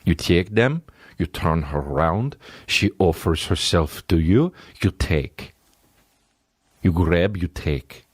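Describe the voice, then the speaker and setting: A gruff, blunt Russian man with a low, heavy voice and broken English, as a comedian puts him on. He sounds dry and close. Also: expressive, slow, no echo, exaggerated voice.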